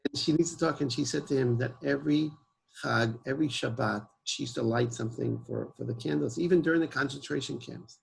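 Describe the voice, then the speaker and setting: A man with a heavily gravelly, fry-laden voice and a husky edge. He tells his story in an earnest, emphatic way and drops Hebrew words into his English. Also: mid-range voice, fairly quick, poor audio. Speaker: guest, emergency service founder. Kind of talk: personal storytelling in an interview.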